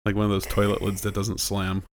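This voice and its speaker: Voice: sits low, monotone, fairly quick, slight background noise. A laid-back podcast co-host chatting casually about a TV show, with dry remarks. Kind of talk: casual chat recapping a TV show.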